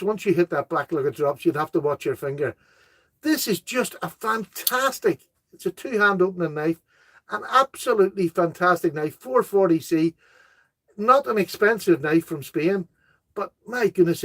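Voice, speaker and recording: A middle-aged man hosting a casual live stream, chatting enthusiastically and rambling as he reads out viewer comments. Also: sits high. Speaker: host of a knife live stream.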